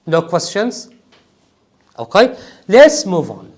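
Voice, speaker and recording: A high-pitched man in his forties lectures a class in English with an Iraqi Arabic accent. His delivery is lively and swings up and down as he stresses key points. He keeps checking in with the room as he explains the exam. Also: takes it slowly. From Iraq. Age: 40s. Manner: emphatic, checks in with "okay?" and "is that clear?". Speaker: IELTS trainer.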